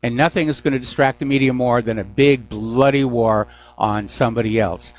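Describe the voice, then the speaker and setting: Brief: male talk radio host, mid-pitched, sardonic news commentary, takes callers. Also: fairly even intonation, moderate pace. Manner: sarcastic, mocking asides. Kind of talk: news commentary call-in show.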